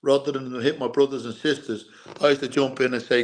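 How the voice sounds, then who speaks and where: An earnest man with a mixed Irish and English accent, talking over his life in a relaxed interview. He tells his stories at length, often restarting and repeating phrases as he goes. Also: medium pitch, fairly quick. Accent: Irish with English mix. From Ireland. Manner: repetitive, earnest storytelling with restarts. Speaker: guest, former boxer and bodyguard. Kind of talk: casual interview chat.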